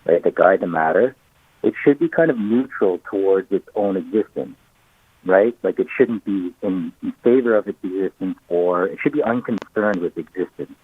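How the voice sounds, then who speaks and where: A man from Canada calling into a radio show, eager and halting with many fillers, on a fuzzy phone line. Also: low-pitched, slightly rough, no room sound. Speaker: caller.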